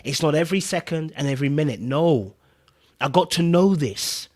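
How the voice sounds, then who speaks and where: Emphatic man, fairly high voice. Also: expressive, moderate pace. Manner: emphatic, repeats points, keeps checking in with "right?". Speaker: podcast host. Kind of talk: casual commentary.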